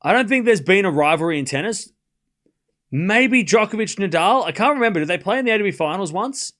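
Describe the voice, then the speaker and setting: A man streaming a live tennis watchalong, his voice sitting a little high and swinging widely in pitch. He drifts between loose, rambling chat with viewers and quick shot-by-shot calls of the rally, getting louder when a point heats up. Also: animated. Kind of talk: live play-by-play watchalong commentary.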